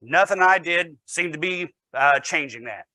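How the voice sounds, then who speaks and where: A man's voice: fairly high pitch, expressive, measured pace, sharp tone, no echo. A man, a teacher, giving a storytelling presentation with wry, self-deprecating humor.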